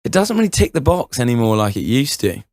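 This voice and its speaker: A man's voice: mid-range voice, very animated, quick pace, a little mellow, dry recording, clean studio sound. A young man telling a rambling story on a casual podcast, full of fillers, restarts and laughter. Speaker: podcast co-host.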